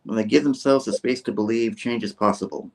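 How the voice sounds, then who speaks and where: A man's voice: on the low side, fairly quick, gravelly, slight background noise. A man voicing a young superhero who gives earnest, encouraging counsel while retelling a comic.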